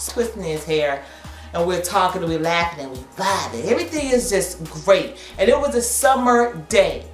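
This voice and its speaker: Woman in her 30s, lively story time, slangy, roomy echo, soft music. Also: fairly low pitch, moderate pace. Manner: animated, slangy, laughs often. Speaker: vlogger. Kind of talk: casual storytelling.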